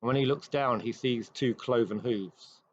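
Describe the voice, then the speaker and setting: Man retelling a ghost story, measured. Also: mid-range voice. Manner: measured storytelling with dramatic pauses. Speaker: host. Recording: dry, slightly dull recording.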